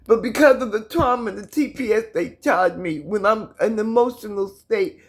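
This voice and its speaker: This emotional video shows a middle-aged American vlogger in her apartment, addressing viewers head-on with passionate, repetitive words while she stutters and holds back tears. Her voice is medium-pitched and breathy-edged, at a moderate pace.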